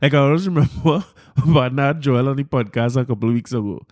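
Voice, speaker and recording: In clean studio sound with no room noise, a Trinidadian-accented man hosts a podcast, working through the news in a casual, animated, incredulous monologue and repeating himself often. His mid-range voice moves fairly quickly.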